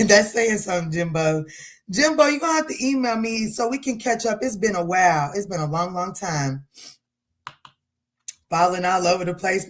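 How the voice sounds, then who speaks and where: A middle-aged woman with an ordinary mid-range voice chats loosely with her viewers as a tarot reader. She is playful and quick to laugh, and she answers their comments in a relaxed, teasing way. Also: medium pitch. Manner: chatty and playful, laughs often, talks back to the chat. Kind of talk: casual livestream chat.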